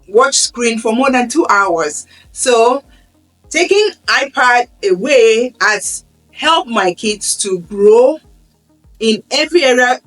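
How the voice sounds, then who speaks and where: A woman talks to camera about raising her children, earnest and conversational, often circling back to restart a phrase. Her voice sits in a middle pitch. She is set a little back from the mic, with quiet music running underneath. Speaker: parenting vlogger. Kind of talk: casual talk to camera. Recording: slightly distant mic with faint background music.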